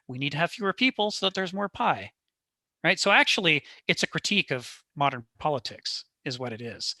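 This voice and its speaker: A man leading a study group discussion, animated and laughing as he makes his points. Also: fairly high pitch, no room sound.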